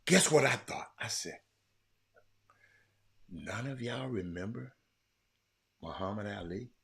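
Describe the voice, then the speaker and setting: A man hosting a casual sports commentary talk, telling a story animatedly and getting loud when he quotes others. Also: on the low side, lively intonation, slow pace, vocal fry, breathy edge. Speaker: podcast host.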